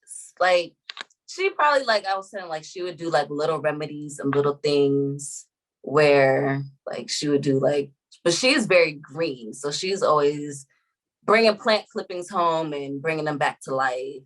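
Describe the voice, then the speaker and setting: A young woman with a slightly low voice, talking in a loose, chatty way. She strings her stories together with lots of "like", laughing easily as she goes. She sounds like a podcast guest telling stories about her life. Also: poor audio. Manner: chatty storyteller, heavy use of "like", quick laughs. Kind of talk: casual chat.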